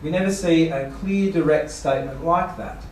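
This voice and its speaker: Man preaching a seminar talk in a big echoey hall, mic set well back, fairly high voice. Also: normal speed, a little mellow, slight background noise. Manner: rhetorical questions, playful mock quotes. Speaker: pastor. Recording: echoey room, voice from far off.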